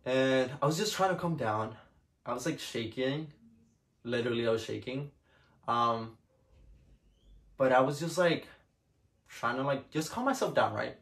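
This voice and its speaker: A man's voice: medium pitch, a little slow, long pauses, a bit bright. A young man casually telling a personal story to the camera, chatty and full of filler words. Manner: chatty, lots of "like" fillers, laughs often.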